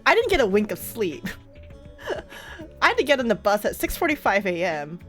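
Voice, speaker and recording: A woman streamer telling a story in casual chat, animated and laughing often. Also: medium pitch, normal speed, soft background music.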